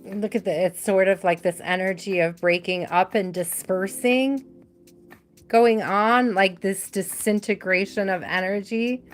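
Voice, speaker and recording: A woman giving a live tarot reading, gentle and emotional, repeating her words softly. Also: medium pitch, steady tone, unhurried, soft background music. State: tearful at times. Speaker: tarot reader.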